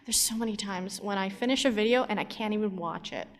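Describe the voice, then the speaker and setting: A woman's voice: medium pitch, quick pace. A woman on a convention panel talking casually, chatty and giggly, with plenty of fillers. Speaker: animator and YouTuber on a panel. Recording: long reverb of a convention hall.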